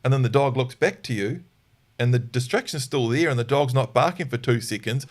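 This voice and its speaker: A man with a voice of ordinary middle pitch, hosting a live dog-training Q&A. He explains things in a practical way and now and then snaps out a sharp command as he would say it to a dog. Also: fairly quick. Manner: demonstrates sharp corrective commands. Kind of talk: live Q&A podcast.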